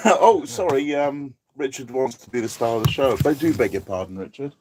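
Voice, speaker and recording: A man's voice: mid-range voice, lively intonation, normal speed, a little mellow, slight background noise. Man, live-stream host, casual, joking, wry, chatting from a van. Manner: joking, wry, talks to viewers by name. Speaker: vlog host reading live chat.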